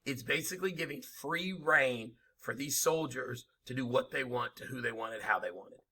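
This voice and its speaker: A man's voice: mid-range voice, normal speed, bright, forceful tone. A man lecturing a history class, emphatic and informal, asking rhetorical questions as he goes. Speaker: history teacher.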